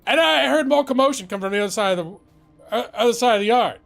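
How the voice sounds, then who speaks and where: A man putting on the voice of an overexcited viewer who rambles through a story in a frantic, shouty way with dramatic pauses. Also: extremely high pitch, animated, vocal fry, soft background music, voice pushed up, exaggerated voice. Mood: breathless, excited.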